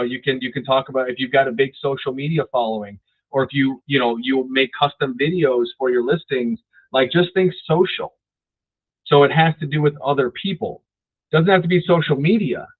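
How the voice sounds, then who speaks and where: A man giving a casual real estate sales training, often repeating words and checking in with "right?". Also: mid-range voice. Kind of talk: training talk. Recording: dry, phone-like lo-fi audio.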